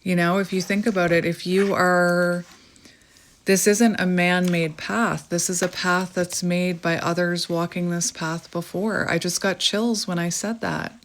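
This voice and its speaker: A woman's voice: fairly low pitch, level tone, a little slow. A woman in her thirties with a Canadian accent, giving a reflective, meandering spiritual tarot reading to her viewers. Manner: gentle, reflective, meandering with fillers. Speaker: tarot reader.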